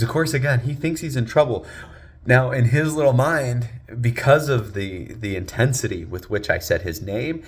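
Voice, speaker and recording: Low-voiced guy in his 30s telling a family story, gets loud then goes quiet and hushed. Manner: lively, climbs loud on exciting beats and drops low and hushed at tense moments. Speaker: father telling a personal story. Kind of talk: animated personal storytelling.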